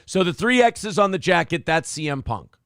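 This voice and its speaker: A man's voice: high voice, sing-song, normal speed, a bit bright, clean tone, no room sound, studio quality. A man hosting a morning show, giving crude, mocking commentary over video clips, getting worked up.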